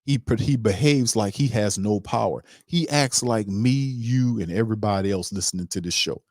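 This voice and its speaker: A man's voice: lowish voice, normal speed, darkish tone, dry recording, clean studio sound. A man hosting a sports podcast, ranting emphatically in casual slang with heated repetition. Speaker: podcast host.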